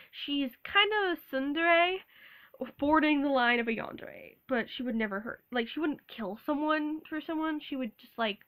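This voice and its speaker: A young woman, sick with a sore throat, rambling awkwardly in a casual vlog, halting and laughing often. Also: high voice, fairly bright tone. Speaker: vlogger.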